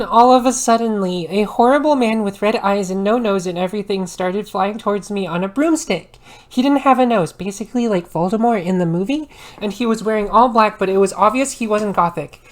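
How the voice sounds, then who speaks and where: A woman doing an ASMR maid role-play, reading aloud with dramatic delivery and sudden loud outbursts. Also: mid-range voice, a little fast.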